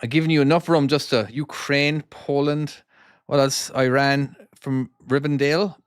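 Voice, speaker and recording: Male game streamer, mid pitch, easily distracted, reads chat aloud, dry close recording. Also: steady tone, measured pace, clean tone, no room sound. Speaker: game developer streaming his own game. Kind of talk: casual live-stream chat while playing.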